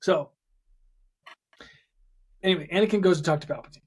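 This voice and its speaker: A man's voice: high voice, fairly quick, darkish tone, husky. A man co-hosting a podcast, chatting easily and reading out a script excerpt. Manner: easygoing, reading aloud from a script. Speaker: podcast co-host. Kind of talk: casual chat.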